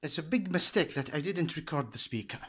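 Bright-voiced man. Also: fairly high pitch, lively intonation, brisk, husky. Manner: repeats himself, pleading then complaining. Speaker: resident filming a noise dispute. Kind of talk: handheld argument and complaint vlog. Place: shared housing, indoors at night.

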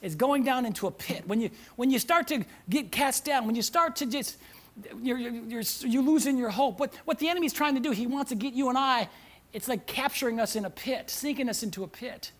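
A male pastor preaching a sermon to a church congregation, animated and often breaking into shouts. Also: extremely high pitch, a little fast. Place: church sanctuary with live audience.

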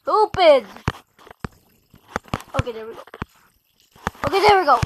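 Very high voice, slow, muttering gamer, noisy tablet recording. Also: animated, bright, forceful tone. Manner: frustrated, exclaiming, mutters to self. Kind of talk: gaming commentary. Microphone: tablet mic.

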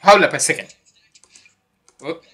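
A man's voice: a little slow, music in the background. A young man hosting a reaction video, bantering in a laid-back, joking way and often apologizing. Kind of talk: casual reaction commentary.

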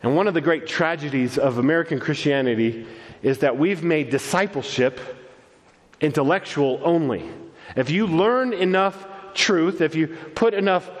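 A man preaching a sermon as pastor, telling a parable with animated voices, frequent restarts and stammers. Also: a little high, moderate pace, long reverb tail. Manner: animated storytelling, acts out voices, many restarts. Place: church.

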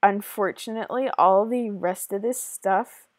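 A woman giving casual game commentary, chatty and a little apologetic, with halting pauses. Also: mid-range voice, no room sound, studio quality. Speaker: gaming video creator.

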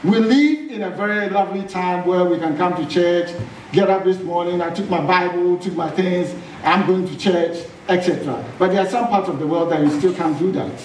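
A man's voice: high-pitched, normal speed, a little hiss or hum. A man preaching a sermon in a conversational way, with light asides to the congregation. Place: church hall. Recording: echoey church from a distant mic.

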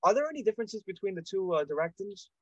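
A man hosts a casual interview over a video call, gushing like an eager fan. His voice sits a bit high and sounds dry. He rambles through his questions with lots of fillers. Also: sing-song, fast talker, no echo, highs cut off. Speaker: podcast host.

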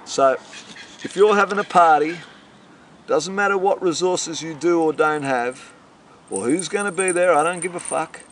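A man's voice: a little high, normal speed, fairly bright tone, slight background noise. A middle-aged man being interviewed, rambling in a boisterous, swaggering and profane way. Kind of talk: rambling casual interview talk.

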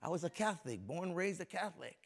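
A middle-aged man preaching a lively, folksy sermon as a pastor, joking with the congregation and swinging between soft and loud. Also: sits high, fast talker, creaky, slightly rough. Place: church sanctuary before a congregation.

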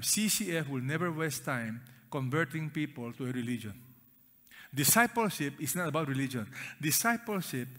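A man's voice: on the high side, bright, forceful tone. A man preaching a sermon to a congregation, stressing key words, asking them questions and leading them in reading aloud. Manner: asks the congregation questions and has them read along; emphatic, repeats key words. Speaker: pastor. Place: church auditorium. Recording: long reverb of a large hall.

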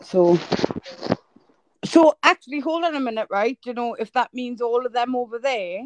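A woman's voice: a little high, no room sound, low-quality recording. Sweary teasing Irish woman on a live call. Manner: sweary, teasing, quick-fire. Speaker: livestream host. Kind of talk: casual crude banter on a livestream.

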